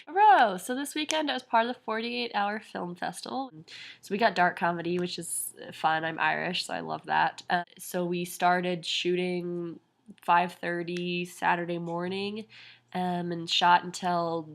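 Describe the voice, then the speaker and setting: A young woman from Colorado chatting casually to camera in a home vlog, bubbly and gushing with quick asides. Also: on the low side, fairly even intonation, gravelly, a bit bright. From Colorado, United States. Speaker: vlogger. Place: home bedroom.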